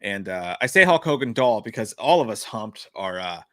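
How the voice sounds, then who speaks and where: A young man co-hosting a live talk show, telling rambling, crude stories. His voice is bright and forceful, with lots of pitch movement. The sound is close and dry. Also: normal speed, no echo. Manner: rambling, crude, lively storytelling. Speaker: podcast co-host. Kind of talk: casual live-show chat.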